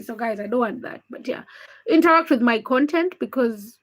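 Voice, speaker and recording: A woman's voice: fairly high pitch, animated, normal speed. Chatty woman on a livestream. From Uganda. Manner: chatty, greets viewers by name and answers chat messages; restarts and stumbles over words. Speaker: livestream host. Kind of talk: casual live-stream chat.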